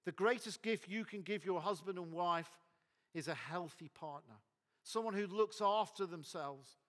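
A man's voice: high voice, moderate pace, a bit bright, in a large hall. A man preaching a sermon as pastor, emphatic and repetitive.

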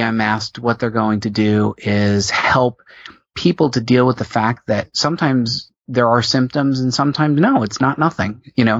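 A man's voice: medium pitch, dry recording, lo-fi sound. A man, a comic book creator, chatting as a podcast guest and explaining his work earnestly. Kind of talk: casual chat.

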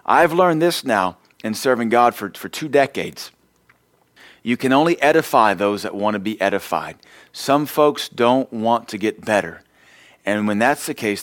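A man's voice: fairly low pitch, no room sound, clean studio sound. A middle-aged man preaching a sermon as pastor, emphatic, quoting scripture.

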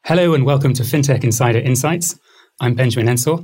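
A man's voice: medium pitch, fast talker, a little mellow. A man hosting a podcast, friendly and self-deprecating, with a few fillers. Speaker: podcast host.

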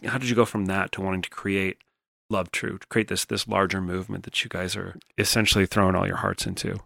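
Deep gravelly podcast host guy, dry sound, rambly questions. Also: flat delivery, fast talker, sharp tone, dry recording. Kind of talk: interview questions.

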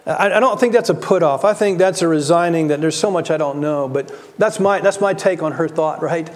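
A man preaching a sermon as a pastor, earnest, repeating words and dropping quiet for emphasis. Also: fairly high pitch, brisk, long reverb tail.

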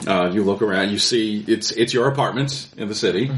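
A man narrating a tabletop game as game master, relaxed and halting, with many fillers. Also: fairly low pitch, reverberant, a little hiss or hum.

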